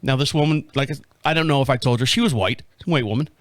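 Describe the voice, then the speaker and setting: A podcast host in his fifties tells a rambling story in a casual monologue, acting out the other people's lines as he goes. His mid-range voice moves at a quick pace, with no echo.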